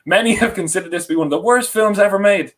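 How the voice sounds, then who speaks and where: A young Irish podcast host talks very fast in a high voice during a casual live stream. He rambles, corrects himself and laughs often as he introduces his guests, and the audio is poor.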